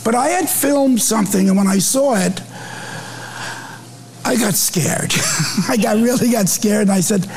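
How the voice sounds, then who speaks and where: An older man, a film director, telling an interview anecdote in a lively storytelling manner. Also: high-pitched, a little slow, long pauses, breathy edge. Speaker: film director recalling his work.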